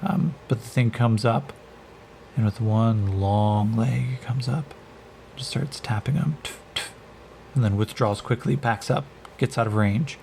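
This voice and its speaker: A man narrates a solo tabletop role-playing game at a slow, unhurried pace, pausing often as he describes scenes and rolls dice. His voice is mellow and relaxed, and a faint hiss sits behind it. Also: medium pitch, creaky. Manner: unhurried, hesitant, many pauses. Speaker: game master.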